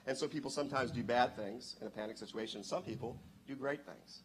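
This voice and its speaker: A man telling a story in church on a handheld microphone, excitable and bursting into loud exclamations. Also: medium pitch, a little fast, noisy background. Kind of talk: animated storytelling.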